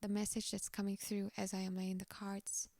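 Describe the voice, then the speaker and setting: A woman with a slightly tired voice giving a gentle, reassuring pick-a-card tarot reading, often dropping to a whisper. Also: mid-range voice, completely flat delivery, moderate pace, gravelly, no echo, clean studio sound.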